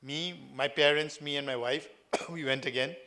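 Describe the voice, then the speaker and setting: A middle-aged man with a Nepali accent giving a lively storytelling speech to a live audience. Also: on the high side, moderate pace. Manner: lively storytelling, mixing in acted quotes. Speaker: public speaker.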